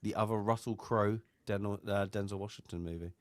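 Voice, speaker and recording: A man's voice: on the low side, fairly even intonation, a little fast, no room sound. A man co-hosting a film review chat, talking in a rambling way with many fillers and restarts. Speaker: film club co-host.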